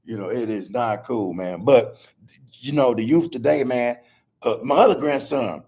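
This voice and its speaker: A man's voice: medium pitch, moderate pace, darkish tone, breathy edge. An older man hosting a podcast, telling stories in a casual, profane way and laughing often. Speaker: podcast host. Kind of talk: casual storytelling chat.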